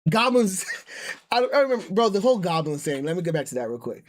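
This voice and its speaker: A man with a high voice rants through a casual live stream. He rambles, restarts his sentences and keeps circling back to the same point. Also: very animated, quick pace. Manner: ranting, rambling with many restarts. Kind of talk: casual chat.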